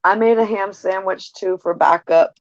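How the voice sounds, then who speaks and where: A woman's voice: medium pitch, normal speed, no echo. A woman chatting on a video call in a friendly, sympathetic way. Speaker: caller on a livestream. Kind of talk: casual video-call chat. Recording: dry lo-fi video-call audio.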